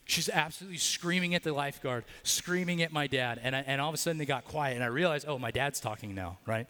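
A man's voice: a little high, steady tone, fast, sharp tone, smooth, big-room sound. A man preaching a sermon in a church, telling a personal story with casual fillers and leading a prayer. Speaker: pastor. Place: church building.

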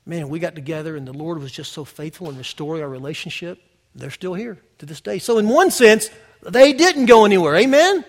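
Male pastor, conversational sermon style, slightly high-pitched, shifts between loud and hushed. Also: animated, fairly quick. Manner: conversational preaching with big swings from loud to hushed; personal storytelling, addressing the congregation directly.

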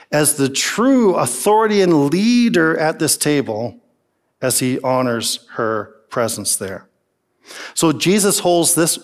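A male pastor delivers a sermon in an animated, emphatic way, putting many rhetorical questions to his congregation. His voice sits at a medium pitch.

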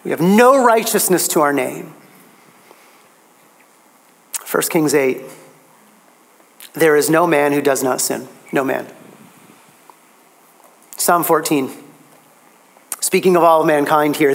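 A man preaching a sermon, emphatic, his pitch rising on key phrases. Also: slow pace, gravelly, pauses often.

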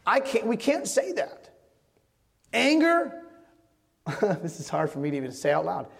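A man's voice: on the high side, very animated, a little fast, vocal fry, long reverb tail. A man preaching a sermon as a pastor, moving from a told story into emphatic preaching.

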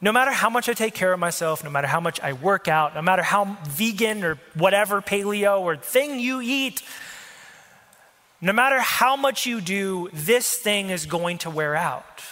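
Male preacher, high and bright voice, chatty sermon with crowd asides, reverberant church hall. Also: animated, moderate pace. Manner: conversational preaching with asides to the congregation. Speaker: pastor.

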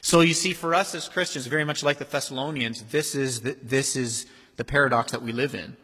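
A man preaching a sermon as pastor, in a conversational, animated way. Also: medium pitch, a little fast, slightly rough. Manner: conversational, animated, acts out quoted voices. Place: church sanctuary. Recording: long hall reverb.

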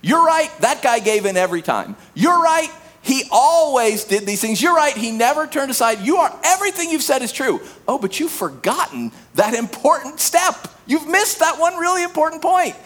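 Animated husky-voiced male preacher. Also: normal speed. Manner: animated preaching, acts out dialogue, drops to hushed low tones. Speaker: pastor. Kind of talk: sermon.

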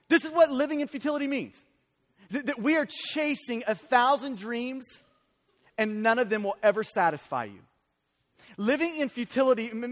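A male pastor preaching a sermon with emphatic, urgent delivery and repeated phrases. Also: extremely high pitch. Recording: long hall reverb.

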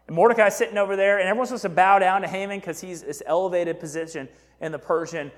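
A man preaching as a pastor in a casual, animated sermon who often checks in with "right?". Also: high-pitched, fast. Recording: echoey hall reverb.

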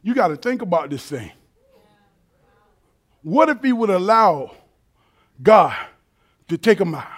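A man preaching a sermon in an animated, colloquial way, swinging from quiet asides to shouts. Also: a little high.

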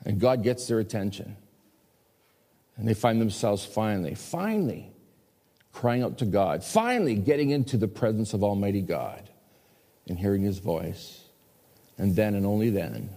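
A man preaching a sermon as pastor, telling stories with lively acted-out quotes. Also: lowish voice, normal speed, gravelly. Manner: animated storytelling with acted quotes. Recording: long hall reverb.

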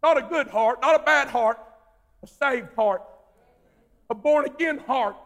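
Male preacher, very high-pitched, repeats lines, moves between hushed prayer and shouting, long hall reverb. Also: unhurried, creaky, long pauses. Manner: swings from soft intimate prayer to shouted exhortation; repeats phrases for emphasis. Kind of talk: sermon.

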